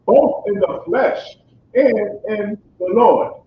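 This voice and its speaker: A man reading Bible verses aloud in a slow, measured way during a study session. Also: high voice. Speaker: scripture reader. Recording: roomy, distant, dull sound with faint noise.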